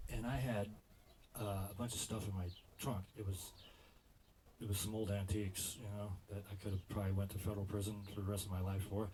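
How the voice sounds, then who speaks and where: A man's voice: fairly low pitch, little pitch movement, a little fast, darkish tone, a little hiss or hum. A man doing stand-up, telling a rambling story full of restarts. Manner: rambling, self-correcting delivery. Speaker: stand-up comedian.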